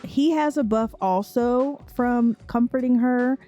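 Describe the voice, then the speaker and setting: Tired, mellow-voiced woman chatting over gameplay. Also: a little high, takes it slowly, faint music behind. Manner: chatty, laughing asides, talks straight to viewers. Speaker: let's play host. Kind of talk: casual gameplay commentary.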